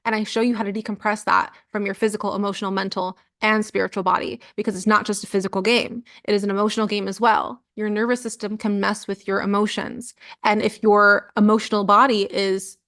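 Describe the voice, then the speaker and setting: A woman's voice: mid-range voice, level tone, brisk, few pauses, a bit bright. A young adult woman coaching clients live on energy healing, casual and earnest with lots of filler words. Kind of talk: live coaching session talk.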